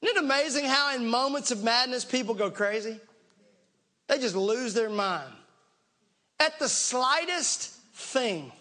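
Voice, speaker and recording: Male pastor, very high voice, lively sermon delivery with playful acted-out shouts. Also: unhurried. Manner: animated, acts out panicked voices and shouts; talks to the congregation directly, laughs along.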